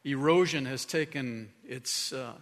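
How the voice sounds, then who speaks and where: A man's voice: mid-range voice, unhurried. Male pastor preaching in a reverberant hall. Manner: earnest preaching, drops to a hushed tone for emphasis. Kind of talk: sermon.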